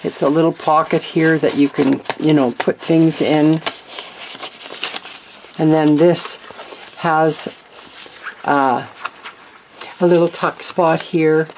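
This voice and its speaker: A woman's voice: sits low, fairly even intonation, slow, long pauses, noisy background. A woman hosting a craft channel, showing her handmade journal in a chatty, meandering way with frank asides. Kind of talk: casual craft show-and-tell.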